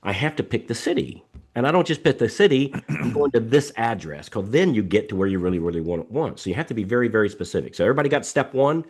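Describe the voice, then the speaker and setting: A man's voice: medium pitch, quick pace, breathy edge. A middle-aged man hosting a live coaching session over a video call, talking emphatically, repeating himself, and telling stories. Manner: emphatic, repetitive, animated storytelling. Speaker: coaching host. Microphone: video call microphone.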